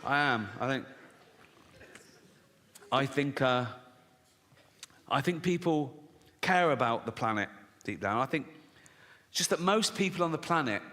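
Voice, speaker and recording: A man's voice: mid-range voice, lively intonation, a little slow, pauses often, bright, forceful tone. A man in his sixties with an English accent doing stand-up comedy, sardonic, acting out voices and asking "right?" after his punchlines. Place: large theatre with audience. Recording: live hall reverb, faint room noise.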